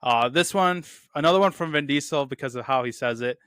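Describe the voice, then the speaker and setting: Man, film review host, bright crisp voice, dry close sound, enthusiastic casual talk. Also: medium pitch, brisk, no room sound. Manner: enthusiastic, repeats "really, really"; quotes lines in a loose put-on delivery.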